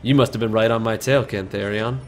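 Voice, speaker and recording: A man's voice: fairly low pitch, fairly quick, faint music behind, lightly acted. A man voicing a suave, charming male paladin investigator who speaks courteously in a tabletop game. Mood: smooth. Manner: smooth, courteous, flattering.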